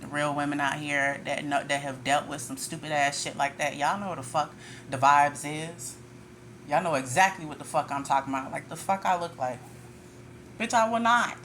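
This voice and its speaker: A woman's voice: deep voice, moderate pace, fairly bright tone, a little hiss or hum. A woman tarot reader ranting in a casual monologue, blunt and profane, with frequent laughter.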